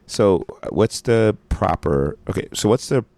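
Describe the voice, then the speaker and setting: A man's voice: lowish voice, lively intonation, measured pace, creaky, mellow, no echo. A man co-hosting a podcast in a studio, chatting casually in a loose, joking way and swearing freely. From Brooklyn, New York. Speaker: podcast co-host. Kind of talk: casual chat. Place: radio studio. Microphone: studio mic.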